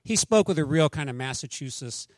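A man preaching a relaxed, conversational sermon, with a voice sitting a little higher than most men's. He jokes as he goes, and the sound is dry and close. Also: brisk, no echo. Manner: chatty, joking, conversational. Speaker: pastor. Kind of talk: sermon with anecdotes.

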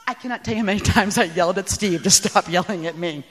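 A woman giving a talk on parenting to an audience, animated, emphatic and poking fun at herself. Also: on the low side, fast. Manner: animated and emphatic, self-mocking. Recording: echoey hall.

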